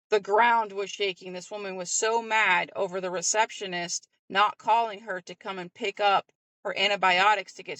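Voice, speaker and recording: A woman's voice: medium pitch, pushed and bright, dry recording, low-quality recording. A woman co-hosting a casual podcast, talking bluntly and emphatically. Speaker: podcast co-host. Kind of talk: casual chat.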